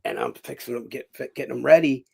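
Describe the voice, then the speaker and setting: Gravelly-voiced man telling stories. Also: mid-range voice, quick pace. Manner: animated storyteller who acts out other people's lines and swears freely. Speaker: guest, former boxer and cut man. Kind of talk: casual interview storytelling.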